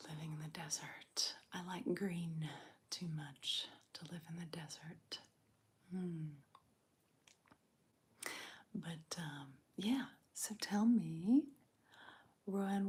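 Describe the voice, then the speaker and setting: A woman hosting a live ASMR stream, chatting with viewers in a soft, calm whisper with small laughs. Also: lowish voice, husky. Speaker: ASMR livestream host.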